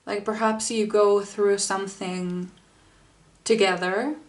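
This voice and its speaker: Slow, giggly woman reading tarot. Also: mid-range voice, steady tone. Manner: gentle, giggly, storytelling with many fillers. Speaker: tarot reader.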